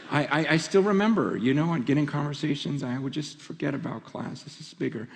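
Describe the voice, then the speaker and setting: A man's voice: a little high, expressive, a little fast, vocal fry, few pauses. A middle-aged man preaching a conference sermon, earnest and pleading, with stammering restarts. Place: large conference hall. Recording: long hall reverb.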